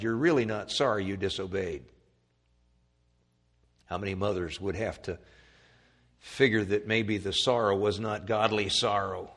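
A man preaching a sermon, emphatic, swinging from loud peaks to quiet asides. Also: fairly even intonation, normal speed, pauses often, breathy edge. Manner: emphatic, rising to loud peaks then dropping low. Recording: long hall reverb.

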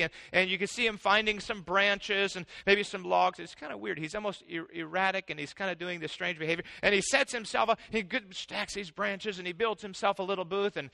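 A man preaching a sermon in an animated way, swinging between loud passages and hushed ones. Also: high voice, gravelly.

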